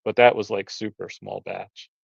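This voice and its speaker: A man's voice: lowish voice, steady tone, normal speed, creaky, husky, no room sound. A man who keeps bees and sells honey, chatting casually on a live stream over a video call, explaining his products in detail. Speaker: beekeeper selling honey. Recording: dull lo-fi stream audio.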